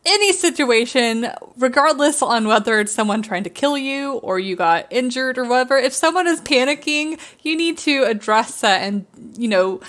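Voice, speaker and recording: Young woman cohost chatting about a movie, kinda high voice, rambly, laughs a lot. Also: lively intonation, moderate pace, few pauses, a bit bright. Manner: rambling, laughs often, trails off. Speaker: podcast co-host. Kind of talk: casual chat about a horror movie.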